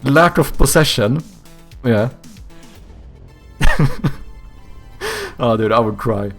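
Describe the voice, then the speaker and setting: A man's voice: medium pitch, extremely slow, a bit bright, soft background music. A young man streaming live from home, chatting casually with his viewers, reading their messages aloud and answering them, swearing freely and breaking into laughter often. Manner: reads out and answers viewer chat. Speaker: streamer and game developer.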